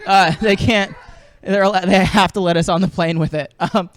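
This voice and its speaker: A man's voice: high voice, fairly even intonation, normal speed, no room sound. A stand-up comedian from the American South, rambling through a set and laughing at his own jokes in a small streaming studio.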